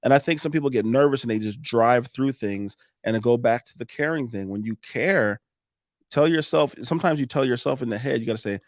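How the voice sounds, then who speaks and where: A man guesting on a podcast, talking in a lively coaching way with frequent restarts and laughs. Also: medium pitch, brisk, no echo, clean studio sound. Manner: animated, coaching tone, laughs often, restarts sentences. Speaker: podcast guest, roofing business owner. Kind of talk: casual podcast chat.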